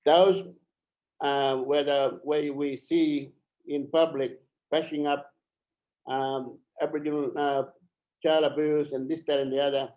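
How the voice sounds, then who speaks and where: A middle-aged man from Arnhem Land speaking at an online forum as a member of parliament, halting and earnest, repeating phrases, a little out of breath. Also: a little high, darkish tone, rough recording. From Arnhem Land, Australia.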